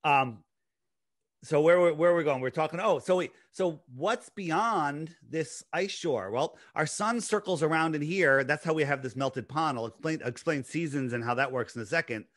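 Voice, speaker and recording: Slightly high-voiced man lecturing animatedly. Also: moderate pace. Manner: lecturing, animated explainer with many restarts. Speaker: podcast guest. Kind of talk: casual podcast chat.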